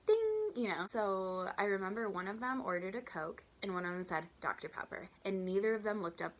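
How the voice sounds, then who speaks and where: A woman in her twenties telling a storytime vlog, chatty and animated, acting out customers and her own waitress voice. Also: medium pitch, brisk. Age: 20s. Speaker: vlogger.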